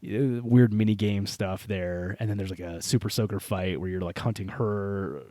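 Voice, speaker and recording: Low-voiced man with a sick voice. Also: moderate pace, dark tone, no room sound. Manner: rambling, restarts with lots of "like". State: sick, hoarse-sounding voice. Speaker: podcast co-host. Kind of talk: casual chat.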